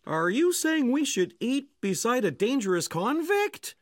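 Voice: medium pitch, very animated, a little slow, no echo, clean studio sound. An actor playing an indignant, huffy restaurant diner in a storybook radio drama. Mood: outraged. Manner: huffy, outraged.

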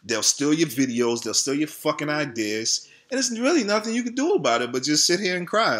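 A man's voice: on the high side, very animated, fairly quick, few pauses, fairly bright tone. A man, ranting heatedly and profanely in a casual vlog about his channel. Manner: profane, heated, repetitive venting. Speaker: video creator.

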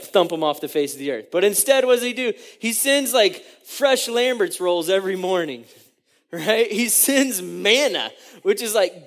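A man's voice: high voice, a bit bright. A man preaching a casual, joking sermon, acting out the crowd's voices as he tells the story. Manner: casual, joking, lots of "like" and "you know". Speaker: pastor.

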